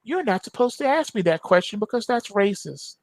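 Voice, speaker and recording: A man's voice: high-pitched, sing-song, fairly quick, no echo, pitched above the performer's own voice. A man voicing a female AI customer service agent in a smug, scripted, politely robotic manner. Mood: prim.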